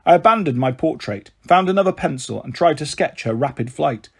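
A man reading a children's book aloud with steady, expressive narration. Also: fairly high pitch, fairly quick, creaky, breathy edge. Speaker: storyteller.

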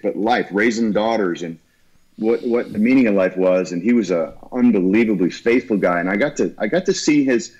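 A man, a guest musician, talking earnestly and haltingly about a lost friend in an interview. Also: on the low side, a little mellow, dull audio. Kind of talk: heartfelt interview talk.

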